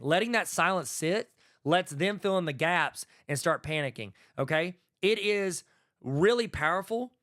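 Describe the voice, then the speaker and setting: A man's voice: on the high side, fairly bright tone. A man hosting a solo podcast, talking in a folksy, conversational way and acting out bits of dialogue. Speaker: podcast host and educator. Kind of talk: casual solo podcast talk.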